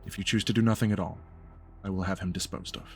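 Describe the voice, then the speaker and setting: Cast: man doing an ancient vampire patriarch, cold, formal, low-pitched. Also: fairly even intonation, gravelly, slight background noise. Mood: stern. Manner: measured, formal, grave.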